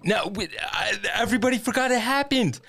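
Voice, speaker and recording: A man's voice: very high-pitched, brisk, gravelly, noisy background. A young man, a podcast guest, telling a crude comedic story and laughing through it. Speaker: podcast guest, former Paralympic athlete.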